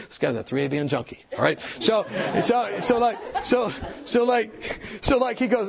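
A man giving an animated church seminar talk, telling stories, acting out the people in them and asking the audience questions. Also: high-pitched, normal speed, creaky, breathy edge. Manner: animated storytelling, acts out quoted people. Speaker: health speaker.

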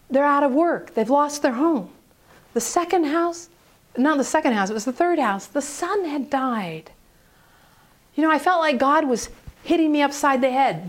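A woman speaking on prayer ministry, telling a story in an animated way and acting out the voices of the people in it. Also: high voice, moderate pace. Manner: animated, acts out quoted voices. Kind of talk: storytelling talk.

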